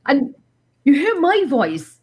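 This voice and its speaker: An Irish woman hosting a paranormal chat over a video call, telling stories in an excitable, animated way. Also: high voice, slow. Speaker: paranormal investigator host. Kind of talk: casual chat.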